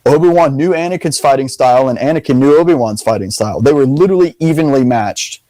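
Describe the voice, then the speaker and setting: Young man, casual debate, emphatic, animated, mid pitch, dry close sound. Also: fast, dry recording, rough recording. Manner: animated, emphatic, repeats "literally". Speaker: video host.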